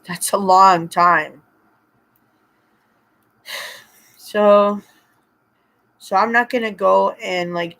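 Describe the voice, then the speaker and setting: A man's voice: sits high, sharp tone. A man, rambling through a personal story and laughing often between remarks. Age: 50s. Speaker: vlogger.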